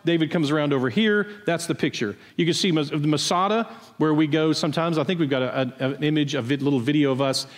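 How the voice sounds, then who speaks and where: Guy preaching at church, kinda high voice, explaining stuff casually, big hall echo. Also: fast talker, hardly any pauses. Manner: explanatory, conversational preaching with pointed questions. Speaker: pastor. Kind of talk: sermon. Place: church sanctuary.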